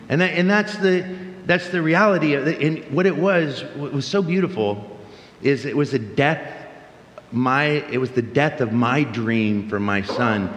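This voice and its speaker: A middle-aged pastor preaches conversationally, telling stories packed with fillers and restarts. His medium-pitched voice is expressive and fairly bright, at normal speed, with a little hiss or hum and roomy hall reverb in the recording.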